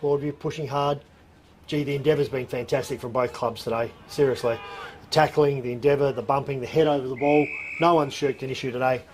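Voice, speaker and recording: A man's voice: medium pitch, fairly even intonation, brisk, slight background noise. A man with an Australian accent giving opinionated, analytical colour commentary at a local football match. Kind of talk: live sports commentary.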